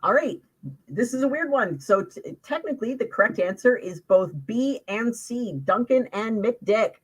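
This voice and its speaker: A woman's voice: a little high, normal speed, slightly rough, low-quality recording. A woman co-hosting a casual trivia show, telling the answers with crude jokes. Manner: crude, joking, lively storytelling. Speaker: trivia co-host. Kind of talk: casual comedic chat.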